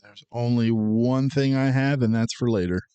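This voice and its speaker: A man co-hosting a film podcast, going through his notes in a measured, matter-of-fact way. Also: medium pitch, fairly even intonation, mellow, clear, resonant tone, dry recording, lo-fi sound. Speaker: podcast co-host. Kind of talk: casual chat.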